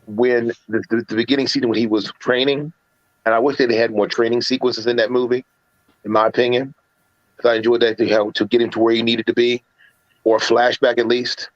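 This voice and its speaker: A man's voice: mid-range voice, fairly quick, dry recording, dull audio. A man in casual livestream chat about films, telling stories with many restarts and acting out quotes from scenes. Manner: animated storyteller, acts out movie quotes, many restarts. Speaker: podcast panelist reviewing films.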